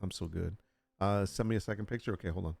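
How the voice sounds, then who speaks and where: A man's voice: low-pitched, steady tone, quick pace, creaky, darkish tone, dry recording, faint music behind. A man chatting casually on a live stream, talking through his work and reading text aloud with joking asides. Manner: chatty, reads aloud, jokes with chat.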